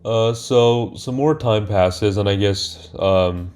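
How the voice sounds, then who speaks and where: A man's voice: fairly low pitch, takes it slowly, a little mellow, smooth. A man casually recapping a movie's plot as a reviewer, rambling with many fillers and restarts. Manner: rambling, hesitant, many fillers and self-corrections. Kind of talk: casual spoken film recap.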